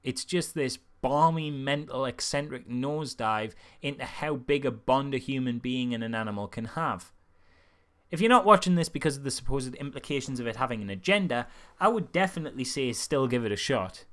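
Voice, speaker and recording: A young man reviewing a film in a casual, comic way, with sarcastic, animated asides. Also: medium pitch, a little fast.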